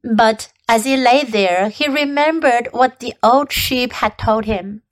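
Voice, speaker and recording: A woman reading a classic children's story aloud in a gentle, measured way. Her voice sits high and her pace is slow and unhurried. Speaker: English reading teacher.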